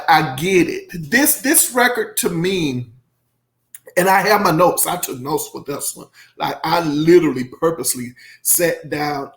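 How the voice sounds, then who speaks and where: A man's voice: fairly high pitch, gravelly. A man giving a casual, effusive album review, rambling and emotional, with many fillers. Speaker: music reviewer.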